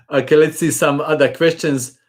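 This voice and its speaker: A man's voice: on the high side, husky. A man, a chess channel host chatting casually in a live-stream question and answer session, hesitant with many fillers.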